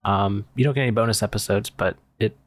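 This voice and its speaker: A man's voice: lowish voice, quick pace, no echo. A man hosting a comedy podcast, casual and hesitant with lots of ums. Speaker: podcast host. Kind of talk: casual chat.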